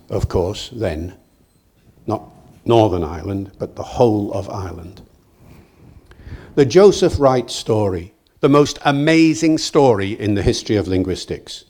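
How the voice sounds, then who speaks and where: An older British man giving a public lecture, telling stories in a lively, digressive way with acted quotes. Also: on the low side. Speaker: guest lecturer. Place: lecture hall.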